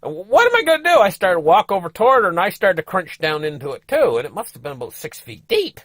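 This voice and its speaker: A man's voice: a little high, very animated, fast, fairly bright tone, dry recording. A folksy man spins a rambling story, his voice rising and falling a great deal. He talks to his viewers with asides and restarts, and the sound is dry and close. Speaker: travel vlogger. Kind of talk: casual storytelling.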